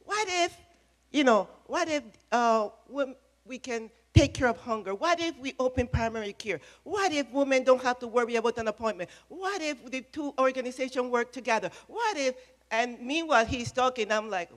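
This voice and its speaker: A woman's voice: fairly high pitch, moderate pace, a bit bright, a faint crowd. A woman giving a passionate speech from a podium at an event, emphatic and repeating phrases. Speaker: speaker at a press event. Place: event room with an audience. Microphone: podium microphone.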